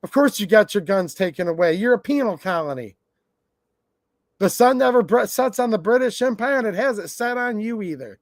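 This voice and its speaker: A man's voice: high-pitched, animated, normal speed, no room sound, studio quality. A man hosting his channel, delivering a blunt, sarcastic rant to his viewers. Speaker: gun channel host. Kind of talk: ranting livestream monologue.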